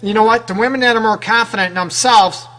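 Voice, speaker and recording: Speaking fast in a high, pushed, bright voice, a man hosts a radio advice show as a relationship counselor. He's direct and conversational, keeps addressing women listeners, and fires off rhetorical questions, often tagging them with "right?"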